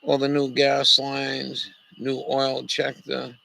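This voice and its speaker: Man, rough gravelly voice, sharp tone, profane grumbling, rambling vlog talk. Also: mid-range voice, completely flat delivery, slow, poor audio. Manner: talks gently to his dog. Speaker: vlogger.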